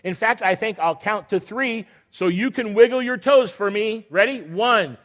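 High-voiced older man, playful with kids. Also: moderate pace, a bit bright. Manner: playful and teasing with children. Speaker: children's sermon leader. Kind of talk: children's sermon with picture book reading.

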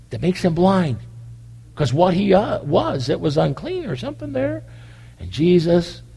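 A man's voice: on the high side, creaky, darkish tone, breathy edge. A man preaching a conversational sermon in church, full of repeated rhetorical questions. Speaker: pastor. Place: church, at the communion table. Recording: long echo of a big hall.

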